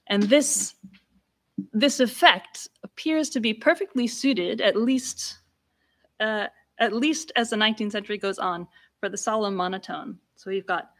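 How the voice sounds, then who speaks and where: A woman gives an academic lecture at a symposium. Her voice sits at a middle pitch, and she explains each point patiently. She often restarts phrases and adds asides as she goes. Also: fairly bright tone. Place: symposium venue.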